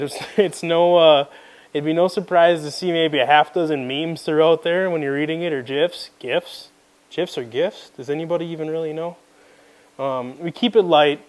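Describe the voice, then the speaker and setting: A young man, casually explaining his fishing gear in a relaxed, folksy way. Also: fairly high pitch. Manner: relaxed, folksy, conversational with fillers. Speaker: fishing video host. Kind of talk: casual gear rundown to camera.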